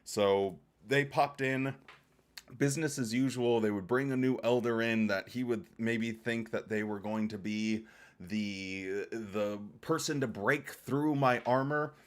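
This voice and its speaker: A man's voice: mid-range voice, a little slow. A man hosting a casual livestream, greeting viewers in chat by name and chatting in a loose, rambling, joking way. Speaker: livestream host.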